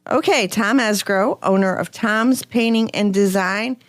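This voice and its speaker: A woman's voice: medium pitch, measured pace, dry recording. Upbeat woman radio host, dry studio sound. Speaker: radio show host and real estate broker. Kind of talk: radio talk show hosting.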